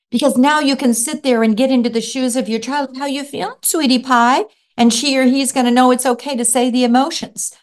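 A middle-aged woman who used to teach, a guest on a podcast interview, telling stories in a lively way and acting out what children said. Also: fairly high pitch. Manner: animated storyteller acting out children's voices. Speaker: guest author and former teacher.

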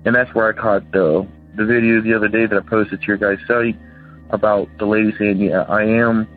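A man's voice: on the low side, level tone, fairly quick. A man in his thirties, a caller rambling through a ghost story and acting out the voices of the people in it. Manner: rambling, acts out quoted voices. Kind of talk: casual phone-in storytelling. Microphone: phone. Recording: tinny phone line with faint music.

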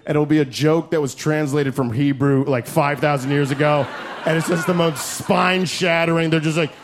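A man doing a stand-up set, brash and profane, shouting his punchlines on a handheld stage mic. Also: a little high, fairly even intonation, moderate pace. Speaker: stand-up comedian. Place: comedy club stage. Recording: crowd laughter, noisy club. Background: laughing crowd.

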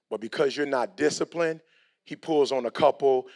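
A man's voice: medium pitch, moderate pace, creaky, darkish tone. A middle-aged man giving a motivational speech in a preachy, slangy way, acting out the people he quotes. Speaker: motivational speaker.

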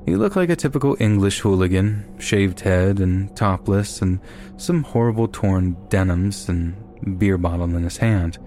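A man giving a measured, scripted narration of reader-submitted true horror stories. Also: low-pitched, slight background noise. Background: soft background music.

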